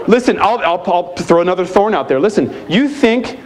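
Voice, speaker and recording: A man in a conference center hall, delivering a lively keynote with punchy emphasis. His voice sits a bit high for a man. He challenges the room with one pointed rhetorical question after another. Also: normal speed, crowd noise. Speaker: keynote speaker at a youth ministry conference. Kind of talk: live conference talk.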